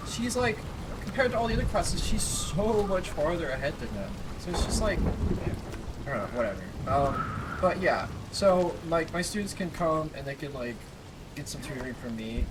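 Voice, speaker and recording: A man's voice: a little high, heavy background noise. A young man in his twenties, a college student vlogging in casual chat, rambling with lots of fillers and frequent swearing. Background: music.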